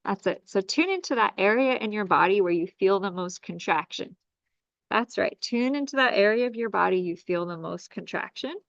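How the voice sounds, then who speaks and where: A woman's voice: medium pitch, moderate pace, gravelly, fairly bright tone, no room sound. A woman leading a guided healing meditation in a soothing, repetitive way, with commanding incantations. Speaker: energy healer leading a group session. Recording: dry, dull lo-fi sound.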